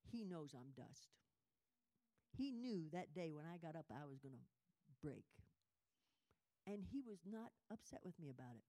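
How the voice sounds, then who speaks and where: A woman's voice: medium pitch, darkish tone. Woman preaching an earnest testimony. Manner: emotional, conversational storytelling that asks the audience questions; leads listeners in reading scripture aloud, slow and emphatic. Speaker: women's Bible study speaker. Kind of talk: sermon with personal testimony.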